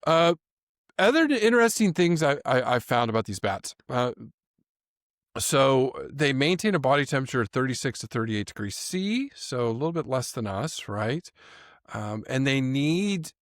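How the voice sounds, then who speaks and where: A man co-hosting a casual animal podcast, chatty and quick to laugh, often restarting his sentences. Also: mid-range voice, big pitch swings, no echo, clean studio sound. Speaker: podcast co-host. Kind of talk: casual chat.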